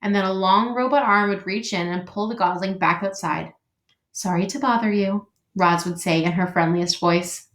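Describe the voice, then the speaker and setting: Woman reading a children's book aloud. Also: on the low side. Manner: expressive, measured storytelling. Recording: echoey room.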